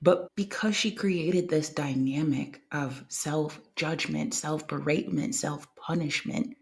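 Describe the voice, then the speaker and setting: A woman's voice: low-pitched, steady tone, slow pace, vocal fry. A woman hosting a podcast, giving an emphatic motivational monologue and repeating phrases for effect. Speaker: podcast host.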